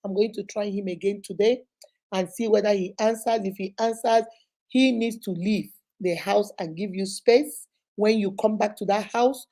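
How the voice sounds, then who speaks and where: A woman's voice: mid-range voice, steady tone, normal speed, mellow. Emphatic motherly woman giving advice. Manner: emphatic, repetitive, motherly, addresses listener as baby. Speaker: relationship advice host and child therapist. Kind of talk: live advice session.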